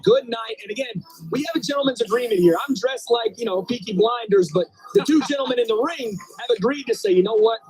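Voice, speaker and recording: A man's voice: extremely high pitch, fast, rough recording. A man co-commentating live at a boxing event, breaking down the fighters' styles. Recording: loud arena crowd behind.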